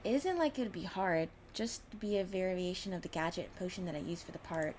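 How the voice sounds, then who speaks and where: A woman's voice: fairly low pitch, brisk, darkish tone, slight background noise, close to an everyday voice. A woman voicing a blunt, earnest young witch in a visual novel, in a matter-of-fact, literal way. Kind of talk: reading a visual novel aloud.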